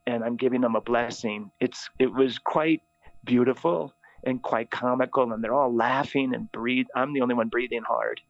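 A middle-aged priest telling a funny story in conversation, animated and laughing often. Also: male voice, mid-range voice, moderate pace, dry recording. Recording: dull, dry lo-fi sound.

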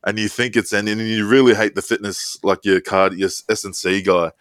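A man, co-hosting a podcast and telling stories in a jokey, animated way. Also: on the low side, a little fast, clear, resonant tone, no room sound. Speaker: podcast co-host. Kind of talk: casual chat.

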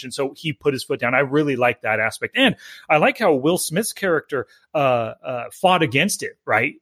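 A man's voice: medium pitch, animated, normal speed, a bit bright, dry recording, clean studio sound. A man casually discussing a film as co-host, easygoing and thoughtful, with fillers here and there. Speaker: movie review co-host. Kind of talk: casual movie review chat.

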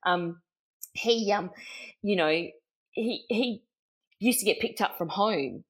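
A woman's voice: mid-range voice, takes it slowly. A middle-aged woman with an Australian accent, telling personal stories as a guest in a casual chat, laughing often and acting out what people said. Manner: chatty, laughing, acts out quotes. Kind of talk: casual anecdotal storytelling.

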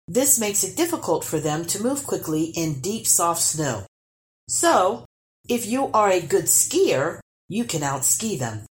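A woman reading a children's storybook aloud, expressive and lively. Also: lowish voice. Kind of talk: storybook read-aloud narration.

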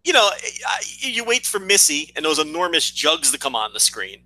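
A man's voice: fairly high pitch, very animated, normal speed, bright, forceful tone, no room sound, poor audio. A man co-hosting a podcast, chatting casually with blunt, crude jokes and stories. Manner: blunt, joking, crude storytelling. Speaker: podcast co-host. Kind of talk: casual chat.

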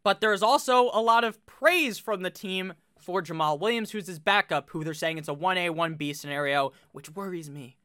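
Brisk bright-voiced man with a dry sound. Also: high voice, smooth, dry recording. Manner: fast, blunt, swears casually, rattles off stats. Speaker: fantasy football analyst. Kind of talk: casual ranking commentary.

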